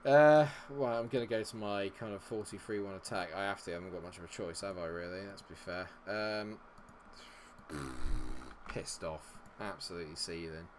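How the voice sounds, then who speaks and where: A man with a fairly low voice talks through a live football management stream. He chats loosely with viewers, then grumbles and swears at his players in a flat, fed-up voice, and at times he yells at the screen. A faint hiss sits under the voice. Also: fast, hardly any pauses. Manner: swings from chatty to sweary frustration, yelling at players. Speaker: gaming streamer. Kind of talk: live gameplay commentary.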